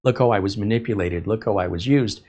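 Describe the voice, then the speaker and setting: Hosting a tech livestream, a man rambles candidly and emphatically about his own mistakes in casual stream chatter. His voice is fairly low and darkish, and he talks fast.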